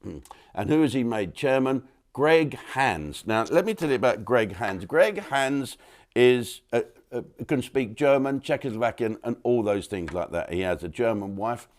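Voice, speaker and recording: A man's voice: medium pitch, lively intonation, normal speed. A man hosting his own channel, talking through a rambling comic monologue with digressions and mock outrage. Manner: chatty, digressive, with frequent restarts and mock outrage.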